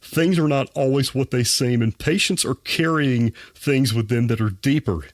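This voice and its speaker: A man with a drawl tells a story in a folksy, earnest way, speaking at a mid pitch into a close mic. The sound is dry, with no room around it. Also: moderate pace, no room sound. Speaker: dentist, podcast guest. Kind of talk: personal anecdote in a podcast interview.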